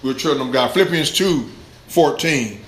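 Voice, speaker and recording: A male preacher delivering a sermon, swinging between loud shouts and quiet asides and acting out the grumbling voices of churchgoers. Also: medium pitch, expressive, moderate pace. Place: church hall with congregation. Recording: echoey room with faint ambience.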